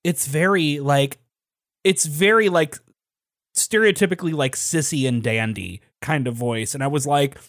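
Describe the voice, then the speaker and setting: A man co-hosting a podcast, chatting casually, animated and swearing freely. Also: on the high side, normal speed, no room sound, studio quality. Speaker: podcast co-host. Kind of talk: casual chat.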